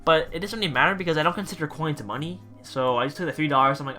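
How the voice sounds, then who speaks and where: Bright-voiced young man ranting. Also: on the high side, very fast, faint music behind. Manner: exasperated, rambling, swears casually. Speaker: vlogger, pizza delivery driver. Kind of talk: storytime rant.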